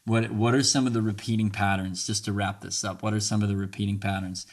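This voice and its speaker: Man, low voice, earnest podcast host, coaching tone, acts out example lines. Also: level tone, quick pace. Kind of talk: casual teaching monologue.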